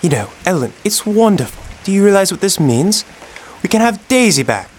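A hearty husband: chatty and cheerful, lively pitch, old radio drama style. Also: male voice, moderate pace, a little hiss or hum. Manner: hearty and chatty, calls his wife old girl. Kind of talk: 1940s radio acting.

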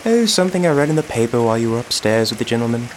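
A man playing a hearty, lively husband. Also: mid-range voice, rapid-fire, a little hiss or hum, close to an everyday voice. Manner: hearty and chatty, calls his wife old girl. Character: cheerful husband, hearty and excited. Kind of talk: 1940s radio acting.

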